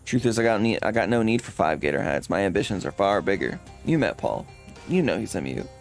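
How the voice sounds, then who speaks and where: A man's voice: fairly low pitch, very animated, brisk, creaky. A man voicing an odd, scheming male leather hunter with a British accent, drawling folksy lines and calling people mate over faint game music. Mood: confiding.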